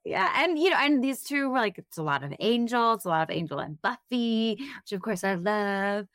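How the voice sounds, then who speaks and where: A woman's voice: medium pitch, sing-song, moderate pace, a bit bright, no echo, studio quality. A young woman co-hosting a casual rewatch podcast, enthusiastic and agreeable as she chats and closes out the episode. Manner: enthusiastic, agreeable, wraps up the show. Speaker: podcast co-host.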